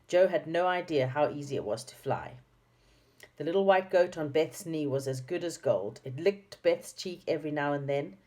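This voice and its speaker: A woman's voice: low voice, darkish tone. A woman reading a children's chapter book aloud, with chatty asides to her young listeners. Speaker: storybook reader.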